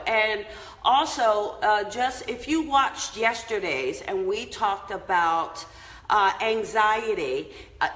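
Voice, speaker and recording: A woman's voice: medium pitch, a bit bright, echoey room, poor audio. A woman hosting a casual live-stream chat, upbeat and chatty, laughing often as she talks to her viewers. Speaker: host of a live inspirational show.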